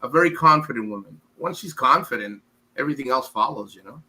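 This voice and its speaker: A man's voice: medium pitch, animated, fast talker, sharp tone, low-quality recording. A man from the United States talking as an interview guest in a casual chat, rambling, repeating words and acting out quoted women.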